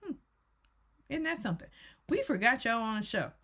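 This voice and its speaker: A woman's voice: a little high, sing-song, normal speed, fairly bright tone. A woman vlogger giving a chatty, rant-style recap of a TV show, talking straight to her viewers with teasing asides.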